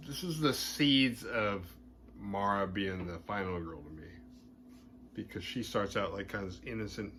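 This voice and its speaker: Lower-voiced man with bright edge. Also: a little hiss or hum. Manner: animated, playfully crude retelling. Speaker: horror movie podcast host. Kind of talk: casual movie recap.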